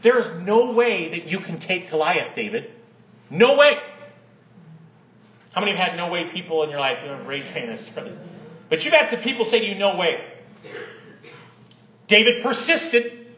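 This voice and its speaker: Male pastor, high voice, energetic sermon with emphatic peaks; roomy, muffled church recording. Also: a little fast, a little hiss or hum. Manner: energetic preaching, reads stories aloud, rising to emphatic peaks.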